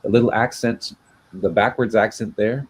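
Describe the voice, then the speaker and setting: A man's voice: fairly low pitch, steady tone, moderate pace, slightly rough. A man co-hosting a casual video-call chat, explaining at length with many fillers and restarts. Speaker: genealogy show co-host.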